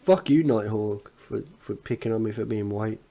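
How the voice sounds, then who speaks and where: A man reviewing a wrestling event as an analyst, recapping the matches with excitement and frequent swearing. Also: fairly low pitch, moderate pace, gravelly.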